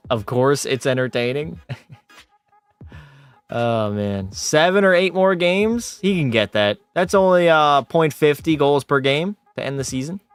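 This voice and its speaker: A Canadian man casually chatting on a game livestream, reading out and answering viewer messages in a bantering way. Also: smooth. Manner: chatty, bantering with chat, animated jumps in pitch. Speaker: gaming streamer.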